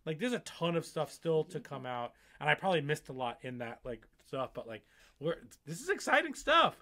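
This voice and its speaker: A man's voice: on the high side, very animated, fairly quick, pushed and bright. A man, the podcast's producer, chatting casually and rambling with lots of fillers. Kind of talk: casual chat.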